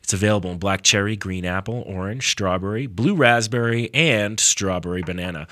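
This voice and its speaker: Male talk-radio host, low bright voice, dry studio sound, loose and rambling. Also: brisk, dry recording. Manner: easygoing, rambling, reads sponsor copy.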